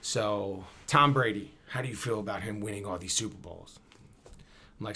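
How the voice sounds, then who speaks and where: Slangy New man, lowish voice. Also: moderate pace, creaky, a little hiss or hum. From Camden, New Jersey. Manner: animated, slangy, acts out dialogue. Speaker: guest. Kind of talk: casual storytelling.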